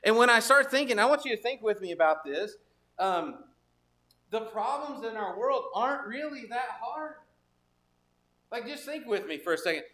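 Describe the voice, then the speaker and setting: A man's voice: very high-pitched, animated, moderate pace, sharp tone. A man preaching a sermon as pastor, in a conversational storytelling manner with asides and restarts.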